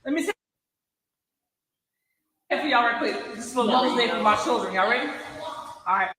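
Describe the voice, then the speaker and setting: A woman, a mother, loudly scolding her kids at home during a live stream, laughing as she goes. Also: on the high side, normal speed, a little hiss or hum. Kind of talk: loud live-stream chatter. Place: home kitchen, indoors. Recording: roomy with crowd of kids behind. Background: children talking and moving around.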